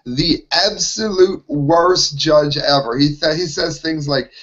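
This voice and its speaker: A man's voice: fairly high pitch, slow pace, fairly bright tone. A man on a casual panel chat, riffing sarcastically on the news. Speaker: panel regular. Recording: dull lo-fi stream audio.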